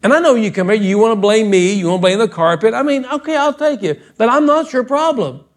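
A male pastor with a notably high voice preaches in a church. His delivery is scolding and fervent, swinging from low rebukes to loud, insistent calls. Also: animated, quick pace. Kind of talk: sermon. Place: church sanctuary.

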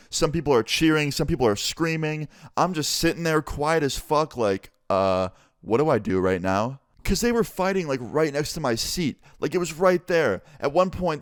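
A man's voice: lively intonation, normal speed, few pauses, no room sound, clean studio sound. Laid-back young man telling a story. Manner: laid-back, swearing, low-key delivery. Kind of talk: casual storytime vlog.

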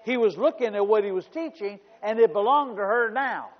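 High-voiced pastor preaching in a hall. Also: male voice, moderate pace, highs cut off. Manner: storytelling with humor, rising to shouts. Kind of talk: sermon.

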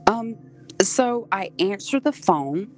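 A woman's voice: medium pitch, lively intonation, slow pace, rough recording. A woman from southern Georgia, a podcast guest, earnestly recounting events step by step. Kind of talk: personal storytelling.

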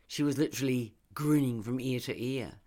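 A woman reading a crime story aloud in an expressive, dramatic way. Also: rumbling low, normal speed. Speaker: reader. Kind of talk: storytelling narration.

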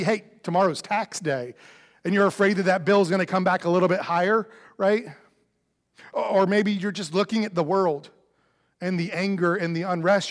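A man with a fairly high voice preaches an Easter sermon in a church sanctuary. His delivery is conversational and animated, slipping into the voices of the people he quotes. The sound carries a long hall reverb. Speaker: pastor.

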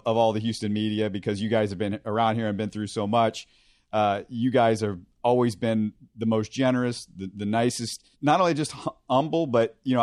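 Male sports host; low, dry, friendly and admiring, halting at times. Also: a little mellow, no room sound. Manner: friendly, admiring, hesitant restarts. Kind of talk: casual interview.

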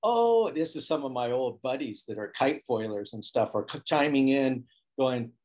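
A man's voice: medium pitch, normal speed. Guy spinning a yarn in a casual interview, jumps into other people's voices. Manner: animated storyteller who acts out quotes. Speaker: guest, foil board maker. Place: Hawaii.

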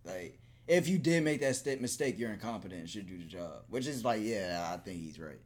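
A man's voice: fairly low pitch, expressive, fairly quick, darkish tone. Laid-back man trading stories in chat. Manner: laughs often, acts out quoted dialogue, hesitant restarts. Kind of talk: casual chat.

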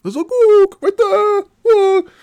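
A man's voice: slow, exaggerated voice. A man imitating an older male professor who screams shrilly at his class. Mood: screaming. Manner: shrill, yelling at the top of his lungs.

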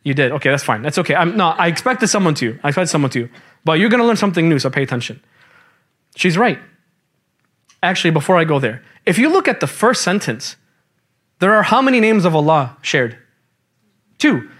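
A man teaching a lively religious class, quizzing the students and mixing in casual slang. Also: fairly high pitch. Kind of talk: interactive classroom lecture.

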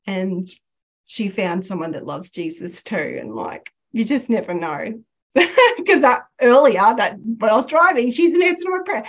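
This woman, a guest in a casual conversation, tells a personal story of faith with a fairly high pitch at a moderate pace. Lively and quick to laugh, she imitates the voices of those she quotes.

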